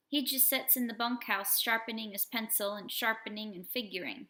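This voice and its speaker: A woman's voice: fairly high pitch, a little fast, few pauses, pushed and bright. A woman reading a novel aloud and voicing its characters, and she sometimes breaks off to talk to her pets. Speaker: audiobook reader. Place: room in a manor house. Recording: echoey room.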